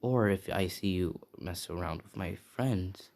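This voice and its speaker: A man voicing Izuku, a quiet menacing demon king. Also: low-pitched, a little slow, vocal fry. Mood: threatening. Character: young male demon king, calm and menacing.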